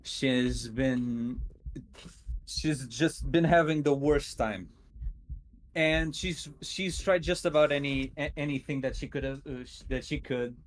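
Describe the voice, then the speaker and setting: A nervous man telling a spooky story on a stream, stuttering and halting often. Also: mid-range voice, poor audio. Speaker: guest storyteller.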